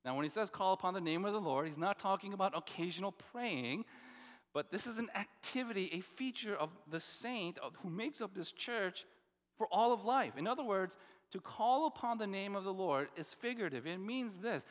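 Man preaching a sermon, high voice, conversational, long reverb of a large hall. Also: expressive, moderate pace. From New Jersey. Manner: conversational preaching, personal stories and rhetorical questions. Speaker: pastor.

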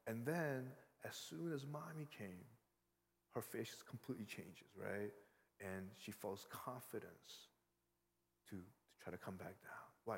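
A man's voice: mid-range voice, normal speed, vocal fry. A man preaching a sermon in an earnest, conversational way, often checking in with "right?". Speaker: pastor. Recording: long hall reverb.

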